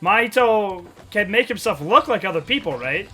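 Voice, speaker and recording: A man hosting an anime reaction, talking casually and excitably, swearing freely and laughing often. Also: very high voice, a little fast, few pauses, over music. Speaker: anime reaction channel host.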